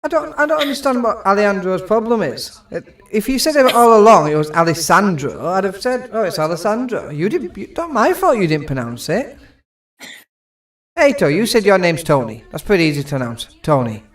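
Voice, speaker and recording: A man's voice: sits high, very animated, a little fast, far from the mic. A British man streaming a strategy game and chatting with friends, joking and laughing often. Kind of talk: casual gaming chat with friends.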